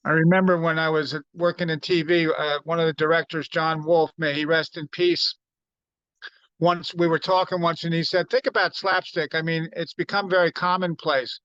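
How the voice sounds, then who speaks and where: Middle-aged male podcast co-host, casual storyteller, slightly higher voice, dry and a bit dull-sounding recording. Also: normal speed, clear, resonant tone, dry recording. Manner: storytelling, animated when quoting others. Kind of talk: casual chat.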